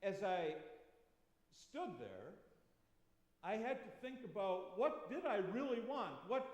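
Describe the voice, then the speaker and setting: A man preaching a first-person dramatic monologue, telling the story with long pauses and sudden shifts between soft and loud. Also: high-pitched, very animated. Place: church sanctuary. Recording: echoey church with long reverb.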